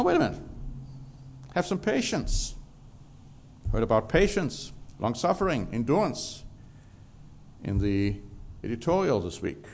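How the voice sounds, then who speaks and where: A man preaching a sermon, emphatic, reading scripture aloud and stressing key words. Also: on the high side.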